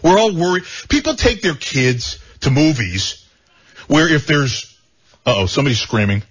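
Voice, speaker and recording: A man's voice: fairly high pitch, big pitch swings, normal speed, slightly rough. Rambling, joking male talk radio host. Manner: rambling, joking, stammering repeats. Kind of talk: casual talk radio banter. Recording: dull lo-fi radio sound.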